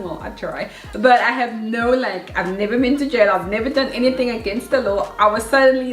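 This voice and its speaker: A young woman from Africa, giving casual advice in a chatty, animated way and acting out her own past nerves. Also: a little high, fairly quick, hardly any pauses. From South Africa. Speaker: vlogger. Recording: echoey room.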